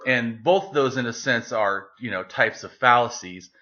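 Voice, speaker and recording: A man, as an interview guest, telling a story in a casual, animated way, with many fillers and restarts. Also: medium pitch, normal speed. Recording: lo-fi, dull sound.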